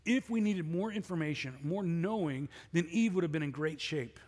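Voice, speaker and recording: A man's voice: on the high side, animated, moderate pace, a little mellow, long reverb tail. A middle-aged man preaching a sermon as pastor, conversational and full of rhetorical questions. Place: church sanctuary.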